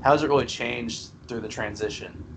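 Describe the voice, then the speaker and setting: A man co-hosting a podcast who asks questions in a soft-spoken, careful way. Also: medium pitch, fairly quick, vocal fry, background noise. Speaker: podcast co-host. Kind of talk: casual podcast conversation.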